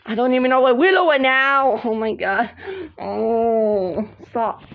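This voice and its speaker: A woman performs a homemade doll drama, giving voice to several quarrelling girls and hopping swiftly between them with gasps and shouts as they argue. Her voice is a little high, and the home recording is dull and lo-fi.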